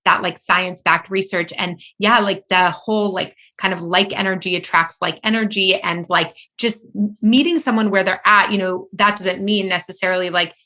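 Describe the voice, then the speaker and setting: Bright-voiced chatty woman host. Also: medium pitch, fairly even intonation, normal speed, few pauses. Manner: chatty, thinks aloud with frequent "like". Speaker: podcast host. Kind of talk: conversational interview.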